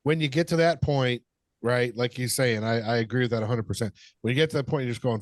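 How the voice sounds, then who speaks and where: A man co-hosting a casual podcast, talking in a relaxed way and swearing freely. His voice is close and dry, with hardly any room sound. He agrees often and goes off on easy tangents. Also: mid-range voice, fast, no echo. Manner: laid-back, swearing, agreeable. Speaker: podcast co-host. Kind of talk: casual chat.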